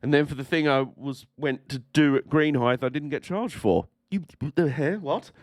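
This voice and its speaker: A man's voice: fairly high pitch, normal speed, no echo. Chatty man streaming a game. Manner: chatty, dry, sweary banter. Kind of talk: casual live-stream chat while gaming.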